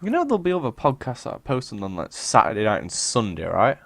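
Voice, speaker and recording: A man's voice: medium pitch, wildly swooping pitch, quick pace, vocal fry, fairly bright tone, dry recording. A young English man co-hosting a casual podcast, sarcastic and sweary, who tells stories about callers. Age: young adult. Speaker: podcast co-host. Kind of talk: casual chat.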